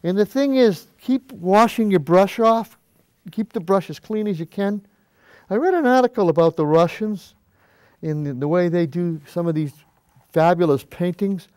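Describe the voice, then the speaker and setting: This older man has a high voice, clear and resonant yet darkish, speaking at normal speed with no room sound. He hosts a casual painting demonstration out of a high school cable TV studio, chatting in a folksy, rambling way and periodically moving off the mic to step back and see the canvas.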